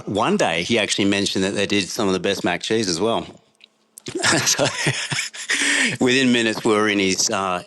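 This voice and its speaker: A middle-aged Australian man with a low, fairly bright voice appears as a podcast guest. He tells a rambling travel story casually, laughing often along the way.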